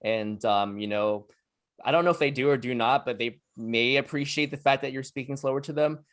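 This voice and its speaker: A young adult man co-hosting a casual podcast chat, measured and hedging as he weighs his words. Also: mid-range voice, a bit bright. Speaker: podcast co-host.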